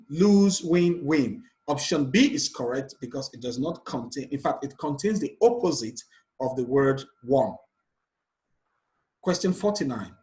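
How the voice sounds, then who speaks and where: A man's voice: medium pitch, a little mellow, low-quality recording. A man, a teacher patiently going through exam stress questions one by one. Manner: patient, repetitive explanation. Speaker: English teacher. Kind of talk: exam revision lesson.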